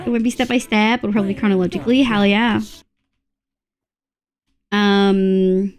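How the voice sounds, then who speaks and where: A woman's voice: mid-range voice, steady tone, moderate pace, long pauses, a little mellow. An Australian woman chatting on a live stream, giggly and talkative as she reads her chat aloud.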